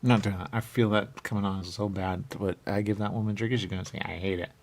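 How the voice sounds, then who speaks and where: A man's voice: lowish voice, fairly even intonation, fast talker, darkish tone. A man hosting a radio show, rambling comically and repeating himself, often breaking into silly voices.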